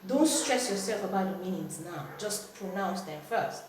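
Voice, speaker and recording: A woman's voice: mid-range voice, lively intonation, normal speed. A woman with a Nigerian accent teaching a language lesson at home, firmly correcting and repeating words with exaggerated tones. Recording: echoey room, distant mic, faint noise.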